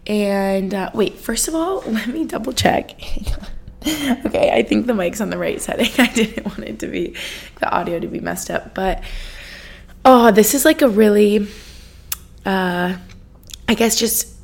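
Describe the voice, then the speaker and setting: A woman's voice: mid-range voice, expressive, a little slow, vocal fry, pauses often. A woman hosting a personal podcast, chatting in a rambling way with lots of fillers and nervous laughs, sounding a little congested. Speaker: podcast host.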